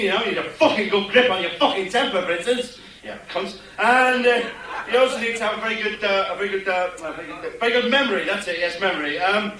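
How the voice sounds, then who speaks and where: A man compering a comedy club, doing stand-up in an aggressive, sweary, deadpan rant. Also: high voice. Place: small comedy club on stage. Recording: echoey live club tape from a distance.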